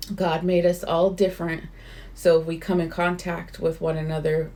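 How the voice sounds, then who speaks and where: A woman's voice: low voice, gravelly, a little mellow. A woman hosting her own channel, reading a spiritual book aloud and breaking off for earnest, informal, chatty commentary.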